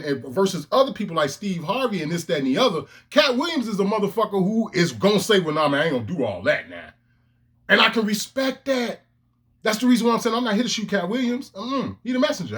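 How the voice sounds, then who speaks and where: A man's voice: high voice, very animated, quick pace, fairly bright tone, slightly rough. A man ranting to his own camera in heated, profane commentary, with emphatic outbursts. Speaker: vlogger. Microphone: camera lens, self-recorded.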